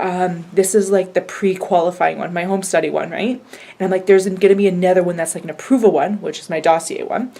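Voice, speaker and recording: A woman's voice: mid-range voice, moderate pace, darkish tone. A woman in her thirties giving a casual vlog update, chatty and retelling conversations in quoted back-and-forth. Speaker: vlogger.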